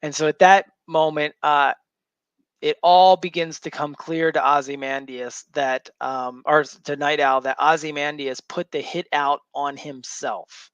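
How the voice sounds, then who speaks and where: A slightly high-voiced man recaps a comic in a loose, rambling way, full of ums and restarts. The recording is dry and dull, with a muffled, lo-fi tone. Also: level tone, unhurried, a bit bright, clear, resonant tone, no echo. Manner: rambling, filler-heavy retelling. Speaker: comic book show host.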